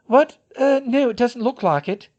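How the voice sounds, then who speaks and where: A man's voice: extremely high pitch, a little slow, dull audio, voice pushed up. A man voicing an anxious, fussing middle-aged mother acting as midwife. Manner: excited, anxious.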